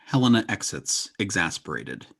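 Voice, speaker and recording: A narrator calmly reading stage directions in a community theatre reading. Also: deep voice, moderate pace, husky. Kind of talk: plain read stage directions.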